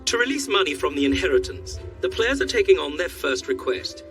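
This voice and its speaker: A narrator reading scripted narration for a reality show in a measured, explanatory way. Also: mid-range voice, very animated, a bit bright, distant mic, soft background music.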